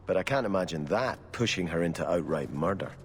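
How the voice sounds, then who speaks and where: An earnest, devout young prince in a video game, speaking in a very deep voice. The sound carries a long reverberant hall tail over a faint hiss. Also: male voice, expressive, brisk. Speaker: exiled noble.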